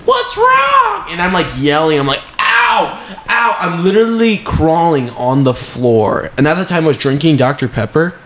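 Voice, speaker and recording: A man's voice: a little high, fairly quick, few pauses, very noisy. A young man co-hosting a casual podcast, telling a story animatedly and dramatically. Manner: animated, laughing, dramatic retelling. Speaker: podcast co-host.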